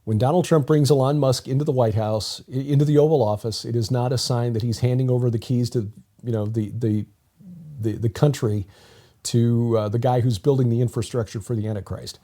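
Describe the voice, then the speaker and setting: A man's voice: medium pitch, fairly even intonation, a little fast, warm tone. A man co-hosting a talk podcast in a casual, rambling way, often restarting his sentences. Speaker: podcast co-host. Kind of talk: casual conversational commentary.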